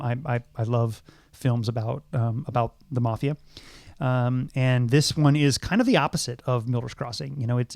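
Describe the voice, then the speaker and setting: A man's voice: medium pitch, a little mellow, dry recording, clean studio sound. A middle-aged man and podcast co-host, talking through films thoughtfully, with many ums and restarts. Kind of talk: casual film discussion.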